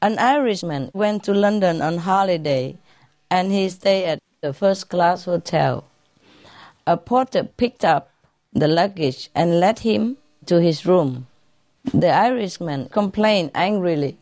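Slow-telling woman reading jokes. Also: on the low side, a little mellow, dry recording.

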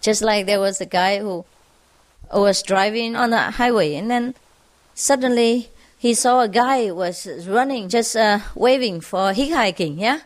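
A woman telling humorous stories to an audience, chuckling often between them. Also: medium pitch. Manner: chuckling, unhurried. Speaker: storyteller.

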